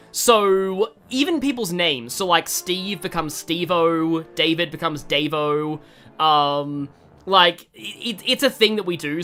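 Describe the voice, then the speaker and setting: An Australian streamer rambles through casual gaming commentary, quick to poke fun at themself. The voice is bright and moves lively up and down, over faint game music. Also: medium pitch. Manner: rambling, self-deprecating, many fillers.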